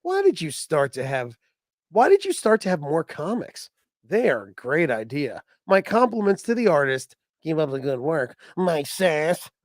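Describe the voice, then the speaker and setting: A man's voice: fairly high pitch, very animated, moderate pace, no room sound, studio quality. A man co-hosting a comedy chat about an old gaming magazine, reading letters aloud in a sarcastic, mocking, profane way. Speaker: podcast co-host.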